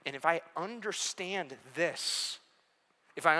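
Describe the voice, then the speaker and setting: Bright-voiced pastor in an echoey church. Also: male voice, medium pitch, lively intonation, normal speed. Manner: earnest, building to emphatic repeated questions. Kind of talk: sermon. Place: large church auditorium.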